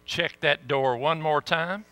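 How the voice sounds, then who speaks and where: Preacher, middle-aged man, bright and sharp tone, dry close sound, folksy storyteller. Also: fairly high pitch, slow pace, smooth, dry recording. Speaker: pastor. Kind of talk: sermon storytelling.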